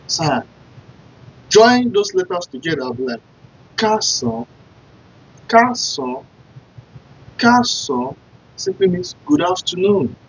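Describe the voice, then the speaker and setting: A man's voice: a little high, vocal fry, darkish tone, a little hiss or hum. A man giving a casual spoken lesson, patiently repeating and spelling out words and encouraging his viewers. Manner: encouraging, addresses viewers directly. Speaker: language teacher. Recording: dull lo-fi sound.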